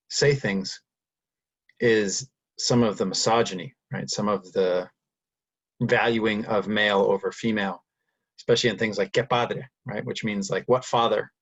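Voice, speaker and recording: A man's voice: lowish voice, slightly rough. A man giving a thoughtful personal monologue, often adding "right?" and "you know" as he speaks. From United States. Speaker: speaker recounting his language history.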